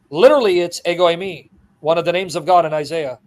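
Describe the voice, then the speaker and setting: At a quick pace, a high-voiced man preaches an expository sermon with lots of animation. Laughter breaks through as he acts out each retold scene, and his delivery shifts from loud, excited bursts to quiet asides.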